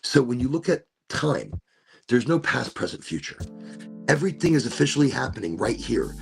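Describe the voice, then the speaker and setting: Gravelly, animated storytelling man. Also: mid-range voice, moderate pace, soft background music. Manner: animated, swears, repeats words. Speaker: podcast host. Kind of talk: casual storytelling.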